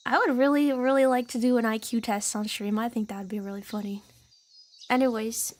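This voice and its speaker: A woman's voice: fairly high pitch, fast. A woman streamer chatting casually on a live stream, giggly, rambling and sweary.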